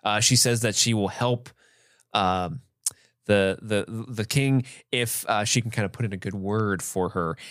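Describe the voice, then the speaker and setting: A man's voice: on the low side, a little slow, fairly bright tone, no room sound, studio quality. A man co-hosting a podcast, chatting casually about a film and often laughing. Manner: laughs often, acts out movie lines in put-on voices. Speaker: podcast co-host. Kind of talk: casual film review chat.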